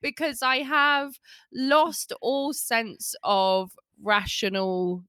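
A woman's voice: fairly high pitch, level tone, drawn-out words, fairly bright tone, clear, resonant tone, no echo, studio quality. A woman co-hosting a podcast in casual chat, self-mocking, laughing often and swearing. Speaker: podcast co-host.

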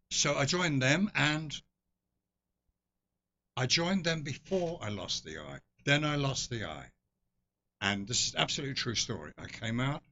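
An older Englishman, a guest in a casual interview, spins long, rambling anecdotes full of restarts and laughs. His mid-range voice is creaky with a sharp tone, and the recording is dull and lo-fi.

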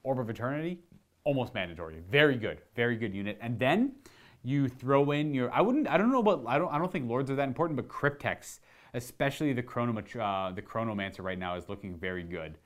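A man's voice: medium pitch, animated, fast. A young man from Canada casually answering viewer questions about tabletop wargaming, chatty and rambling with enthusiasm. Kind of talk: casual live Q&A chat.

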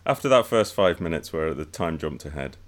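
A man's voice: extremely low pitch, animated, a little fast. A man in a casual podcast chat, giving dry, blunt criticism. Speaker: podcast panelist.

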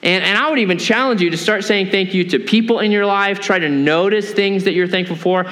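A man's voice: high-pitched, brisk, a bit bright, big-room sound. A male pastor preaching a sermon in a church, earnest and often asking the congregation questions. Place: church sanctuary.

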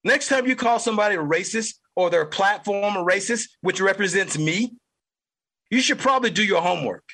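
A man's voice: sits high, animated, fairly quick, pushed and bright, poor audio. A man hosting a political podcast, delivering an angry, heated monologue and repeating lines for emphasis. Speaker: podcast host.

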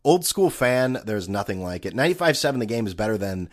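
A man's voice: on the low side, big pitch swings, fast talker. A man hosting a solo sports podcast, ranting with sarcasm and profanity. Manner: ranting, sarcastic, profane, mocking voices in quotes. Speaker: podcast host.

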